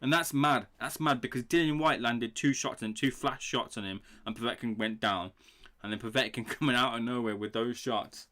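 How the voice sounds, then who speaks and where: A young man hosting a live boxing reaction stream, excitable and swearing freely while he talks to his chat. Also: mid-range voice, normal speed. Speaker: livestream boxing reaction host.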